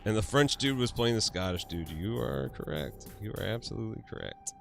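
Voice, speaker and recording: A man with a lowish voice hosts a laid-back livestream, chatting with viewers in an unhurried way. His pitch swings around a lot as he laughs and swears freely. Faint music plays behind him. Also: animated, vocal fry. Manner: laughs often, swears freely, answers chat. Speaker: livestream host. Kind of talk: casual livestream chat.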